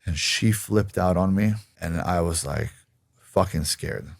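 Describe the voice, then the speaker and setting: A man telling a personal story in casual podcast talk, excitably acting out what others said to him. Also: measured pace, creaky, no echo. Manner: excitable, acts out others' lines in a high voice.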